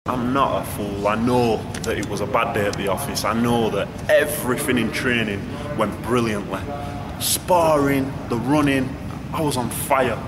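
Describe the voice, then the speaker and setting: Fighter, young, mid-pitched, candid and rambling, heavy background noise with passing traffic. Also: male voice, normal speed, few pauses. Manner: frank, rambling, many fillers and restarts. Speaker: boxer being interviewed. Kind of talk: casual interview answers.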